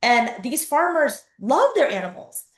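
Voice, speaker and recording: A woman guest telling stories in a casual interview over a video call, acting out her own quotes with lively energy. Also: high-pitched, unhurried. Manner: animated storyteller, acts out her own quotes. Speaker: guest, company founder. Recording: roomy echoey sound.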